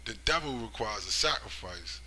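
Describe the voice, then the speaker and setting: Preaching man with a bright, forceful voice. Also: lively intonation, normal speed, slight background noise, poor audio. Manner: rhetorical, keeps asking "right?" and "you see?"; swings between loud emphatic bursts and low muttering. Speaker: religious commentator. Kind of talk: preaching monologue.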